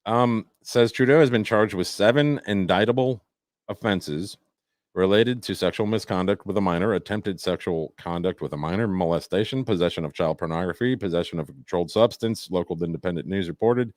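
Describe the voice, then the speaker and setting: Man with a very low voice, podcast co-host, loose jokey delivery, reads news haltingly; dry close sound. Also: a little mellow, dry recording. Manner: joking, halting, stumbles over words. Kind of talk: casual chat, reading news aloud.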